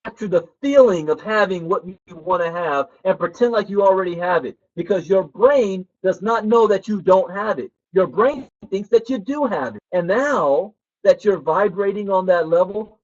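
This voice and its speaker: A man's voice: sits high, moderate pace, few pauses, lo-fi sound. A man giving a motivational training talk, who tells stories and acts out the people in them. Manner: animated storyteller who acts out quoted people. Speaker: personal development trainer.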